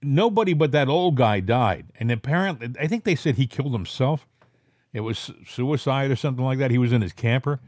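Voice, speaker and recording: A man hosting a casual political talk show, rambling with halting restarts. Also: medium pitch, expressive, a little mellow, dry recording, studio quality. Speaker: podcast host.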